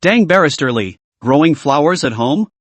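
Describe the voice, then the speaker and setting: A man reading the lines of a brisk, bossy woman police officer in a curt, teasing manner. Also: a little high, lively intonation, dry recording.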